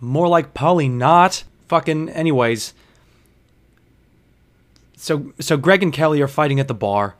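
Young man, bartender, casual storytelling, profane, sarcastic, animated. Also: on the high side, a little slow, long pauses.

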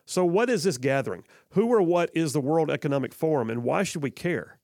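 Man, talk radio host, sarcastic conversational commentary, gravelly voice, dry studio mic. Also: fairly high pitch, lively intonation, fairly quick, darkish tone, dry recording. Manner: conversational, sarcastic, many "I mean" asides. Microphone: studio microphone.

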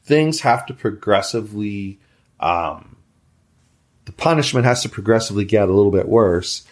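A middle-aged man hosting a podcast, chatting casually in an easygoing, measured way. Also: fairly low pitch, lively intonation. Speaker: podcast host.

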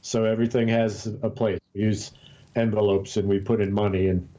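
A man's voice: on the low side, little pitch movement, brisk, dark tone. A man co-hosting a podcast in casual chat, wry and teasing. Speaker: podcast co-host. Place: home, Michigan. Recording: dull lo-fi sound with faint noise.

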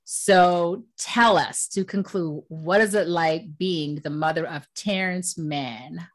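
A woman hosting an interview, praising her guests at a measured pace. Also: fairly low pitch. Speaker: interview host.

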